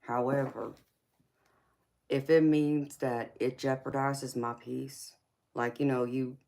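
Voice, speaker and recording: A woman's voice: a bass voice, fairly even intonation, takes it slowly, gravelly, mellow. A woman, tired from little sleep, hosting a tarot livestream and talking affectionately with viewers, calling them honey and girlfriend. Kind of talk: casual livestream chat.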